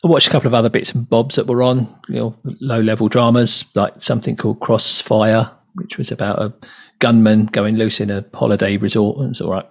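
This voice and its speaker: A man's voice: lowish voice, steady tone, brisk, gravelly, few pauses, slightly rough. A man co-hosting a casual chat, chatty and full of questions. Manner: chatty, asks questions, many fillers. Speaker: podcast co-host.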